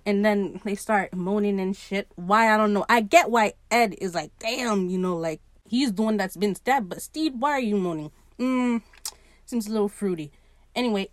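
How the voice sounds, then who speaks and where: A woman's voice: medium pitch, no room sound. Woman, solo host, sassy and blunt, dry close sound, mid-range voice. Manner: sassy, blunt, profane asides. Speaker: podcast host reviewing a TV episode. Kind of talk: casual solo commentary.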